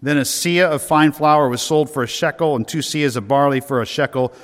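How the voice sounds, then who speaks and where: A man preaching a sermon in an earnest way, slowing down to stress key words. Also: a little high, fairly bright tone. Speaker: pastor. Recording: hall reverb.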